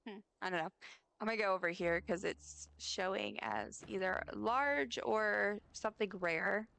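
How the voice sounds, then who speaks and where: Chatty woman streamer with a gravelly edge. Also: mid-range voice, unhurried, a bit bright. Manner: rambling, chatty, talks straight to her chat. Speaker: game streamer. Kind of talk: casual live-stream chat while playing.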